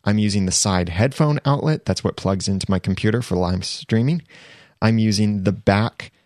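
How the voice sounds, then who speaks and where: A man hosting a podcast, explaining equipment in a chatty, casual way, correcting himself as he goes and slowing down to stress each item. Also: lowish voice, a little mellow, no echo, clean studio sound. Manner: chatty, self-correcting, slows down to stress items. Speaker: podcast host reviewing gear.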